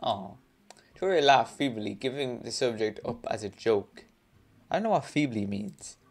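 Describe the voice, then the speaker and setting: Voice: medium pitch, animated, moderate pace, vocal fry. A young adult gamer casually reading a visual novel aloud, chatting between lines, laughing often and swearing under their breath. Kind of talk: casual let's-play with read-aloud game text.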